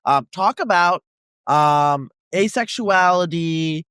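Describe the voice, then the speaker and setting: A man with a high, bright voice hosts a podcast conversation. He rambles through his questions, full of fillers and restarts. The sound is dry and close. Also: slow pace, smooth, no room sound. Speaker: podcast host. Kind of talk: conversational interview.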